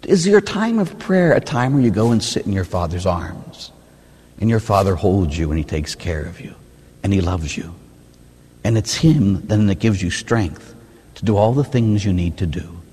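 A man, a Catholic priest, preaching a lively sermon, often checking in with a "huh?" and swinging between loud and hushed delivery. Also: low voice, moderate pace, slightly rough. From United States. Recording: long hall reverb.

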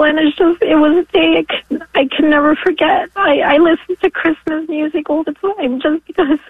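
Over a tinny phone line, a caller from New York, a woman in her forties, shares her testimony in a high, steady voice at a normal speed, with a dry sound. She becomes tearful and emotional, though laughter keeps breaking through.

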